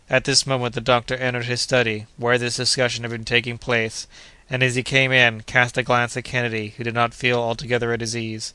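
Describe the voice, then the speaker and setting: A man reading a classic adventure novel aloud as an audiobook narrator, in a measured, even manner. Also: mid-range voice, clear, resonant tone, no echo. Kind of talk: scripted narration.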